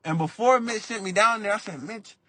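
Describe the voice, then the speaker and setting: Brisk and high-voiced, a young basketball player chats as a podcast guest, with no echo in the recording. His casual interview talk is full of lively stories in relaxed slang, and he performs the quotes of the people involved.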